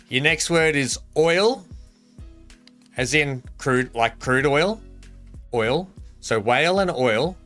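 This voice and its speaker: On a live game stream, a young Aussie guy with a sharp tone and a voice on the high side reads out chat. He's casual and rambling, cracking jokes and laughing constantly.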